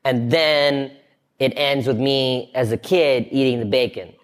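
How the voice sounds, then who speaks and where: A man's voice: medium pitch, a little slow. A man in his thirties, a comedian guest in a casual interview, telling stories with lots of laughter and acting out other people's lines. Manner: animated storyteller, acts out quoted lines, laughs often. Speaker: guest, comedian and show creator.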